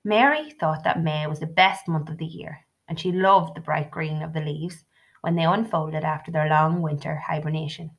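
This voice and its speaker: A woman narrating a novel in a measured, even storytelling manner. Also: low voice, muffled recording. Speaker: audiobook narrator. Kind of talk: scripted narration.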